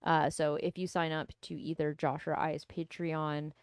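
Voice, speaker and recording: Female co-host, laid-back and chatty; lower pitch, dry close sound. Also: normal speed, smooth, no echo. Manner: relaxed, chatty, many fillers. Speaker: podcast co-host. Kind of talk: casual live-stream banter.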